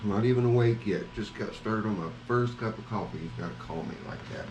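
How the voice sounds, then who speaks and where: Very deep, mutters and grumbles, man playing a just-woken grouch, roomy with faint noise. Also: fast talker, a little mellow, close to an everyday voice. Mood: grumpy. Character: grumpy sleepy man woken too early.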